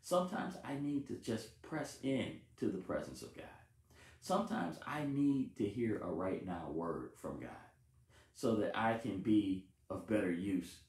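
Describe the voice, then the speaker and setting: A man's voice: fairly low pitch, very animated, unhurried, a little mellow, roomy sound. A married man preaching a sermon, repeating phrases with emphasis and stumbling over words now and then. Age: adult, married with family. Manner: repetitive, emphatic call-and-response preaching with stumbles.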